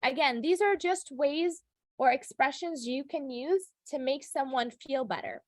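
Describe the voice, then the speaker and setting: A woman teacher giving a chatty, upbeat English lesson to a live class, with fillers and quick self-corrections. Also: high voice, no room sound. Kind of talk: classroom lecture recorded for video.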